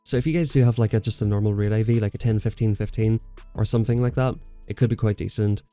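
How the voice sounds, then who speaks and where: A man's voice: lowish voice, steady tone, quick pace, mellow, soft background music. A man hosting his gaming channel, giving casual, chatty gameplay commentary and explaining each move as he plays. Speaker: game channel host.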